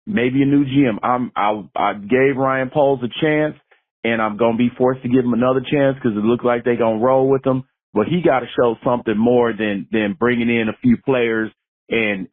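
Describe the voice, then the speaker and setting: A man leaving a frustrated voicemail for a sports show, halting and repeating himself. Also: mid-range voice, phone-quality sound. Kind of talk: casual voicemail rant.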